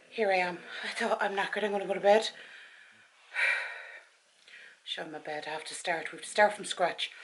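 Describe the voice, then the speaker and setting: A woman's voice: medium pitch, slight background noise. A woman in her forties with an Irish accent, chatting to camera in her bedroom at night, out of breath and tired, rambling and correcting herself as she goes. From Ireland. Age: 40s. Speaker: vlogger. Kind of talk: casual chat to camera.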